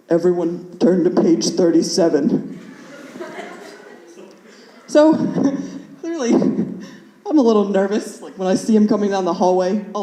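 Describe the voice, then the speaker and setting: A young woman tells a stand-up story in a rambling, fidgety way, with many "like" fillers. Her voice is mellow and dark, and it carries a roomy echo from a club stage. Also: medium pitch. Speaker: stand-up comedian. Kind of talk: stand-up comedy set.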